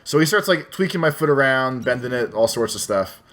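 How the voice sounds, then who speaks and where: A man's voice: medium pitch, lively intonation, fairly quick, fairly bright tone. A young man, a let's play commentator, casually telling a rambling, self-deprecating story over gameplay.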